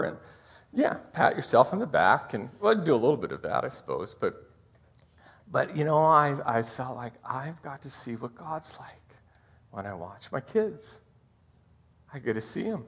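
A middle-aged man preaching a Christmas sermon as pastor, heartfelt and halting, his voice catching with emotion. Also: mid-range voice, sing-song, gravelly, a bit bright, breathy edge. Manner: heartfelt, halting, tearful at times. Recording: dull muffled recording.

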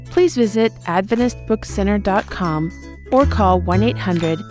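A woman's voice: medium pitch, unhurried. A woman reading a scripted closing announcement for a podcast. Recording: music bed behind.

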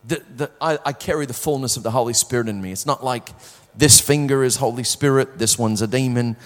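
A man preaching a sermon, telling a personal story with strong swings from hushed to loud, often repeating words as he starts sentences. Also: medium pitch, fairly quick, big-room sound.

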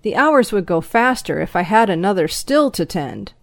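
A woman's voice: medium pitch, big pitch swings, normal speed, vocal fry, no room sound. A woman voicing a lonely young man who tends a still, speaking in a timid, stammering, plaintive way in a storybook reading. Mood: uneasy. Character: lonely, jittery young male still-tender.

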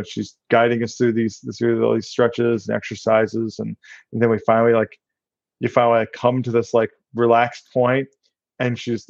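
A rambling man talking on a casual podcast. His voice is gravelly with a lot of fry, and the recording sounds dull and dry. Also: medium pitch, a little mellow, dry recording. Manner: rambling, laughs at his own stories. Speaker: podcast co-host. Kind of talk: casual chat.

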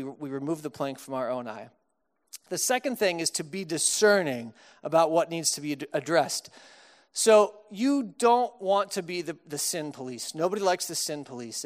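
A man from Texas preaching a sermon, casual and humorous, acting out little dialogues with comic voices. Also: sits high. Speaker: pastor.

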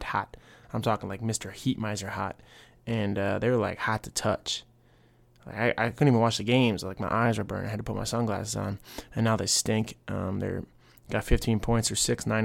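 Young man, podcast host, low gravelly voice, dry close sound, rambling casual storytelling. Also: dry recording. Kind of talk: casual solo podcast chat.

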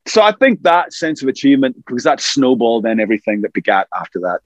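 A man's voice: medium pitch, fast, no echo, muffled recording. A middle-aged man, a rock singer from Scotland, telling stories in a casual interview and acting out what people said. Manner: animated storyteller, acts out quotes.

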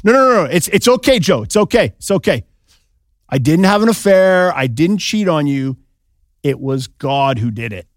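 A man acting out a flustered young woman who breaks surprising news in a hurried, stammering way. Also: a little high, animated, no echo, clean studio sound. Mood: reassuring.

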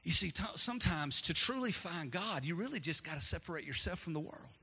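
A man preaching a sermon as pastor, swinging from loud to hushed, in a church sanctuary. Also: on the high side, animated, fairly quick, slightly rough. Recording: long hall reverb.

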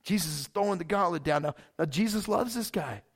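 A man's voice: sits high, expressive, brisk, husky. A male pastor preaching a sermon in a casual, fired-up way, often saying "man".

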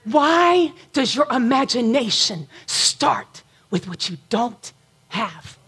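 A woman preaching a sermon, impassioned, at times rising to shouts with a breaking voice. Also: on the high side, big pitch swings, takes it slowly, breathy edge.

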